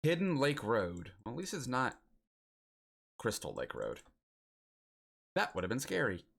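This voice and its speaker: Young adult man, game-stream host; relaxed musing chat with lots of pitch movement. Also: fairly quick, gravelly. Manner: thinks aloud, musing and chatty. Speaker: streamer playing a geography guessing game.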